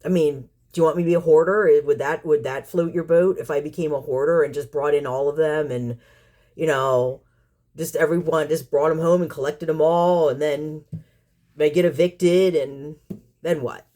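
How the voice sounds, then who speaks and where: Her voice sits low and warm, with a steady tone and moderate pace, as she hosts a cat rescue vlog and looks after community cats. She rants at viewers in an exasperated, sarcastic way, rambling, repeating phrases, and firing off rhetorical questions.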